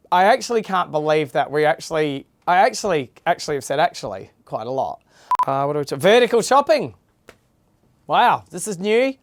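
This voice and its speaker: A man's voice: on the high side, gravelly. A middle-aged man hosting a podcast in casual, rambling chat, swearing freely. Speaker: podcast host.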